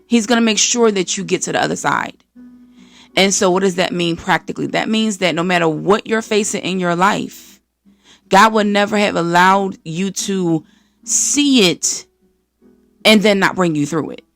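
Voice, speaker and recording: An American woman from the East Coast hosting a podcast, giving an energetic, preachy faith-based motivational talk and acting out voices of the people she quotes. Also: medium pitch, normal speed, gravelly, dry recording, soft background music. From East Coast of the United States. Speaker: podcast host.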